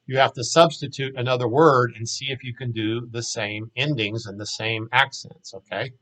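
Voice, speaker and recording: A man with a Southern American accent teaching a grammar lesson in a casual way, saying each word slowly and repeating it for drill. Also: medium pitch, a bit bright, low-quality recording. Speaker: Hebrew teacher.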